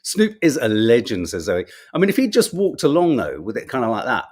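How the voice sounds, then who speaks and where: A man's voice: medium pitch, huge pitch swings, fairly quick, darkish tone. A man hosting a podcast, reviewing the papers in a chatty, wry, sarcastic way and musing aloud as he goes. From Britain. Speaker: podcast host. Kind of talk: casual newspaper review chat.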